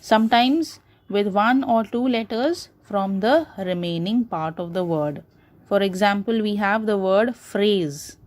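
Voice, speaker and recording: Slow, patient woman teaching grammar. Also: mid-range voice, expressive, darkish tone. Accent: Indian English. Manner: slow, patient explaining with repeated examples. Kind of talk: classroom grammar lesson.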